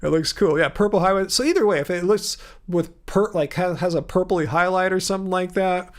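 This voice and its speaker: A man's voice: high voice, a little fast. A man hosting a casual livestream, reading out viewer comments and musing aloud about them. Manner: chatty, musing aloud, trails off and restarts. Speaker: livestream host. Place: studio with colored lights.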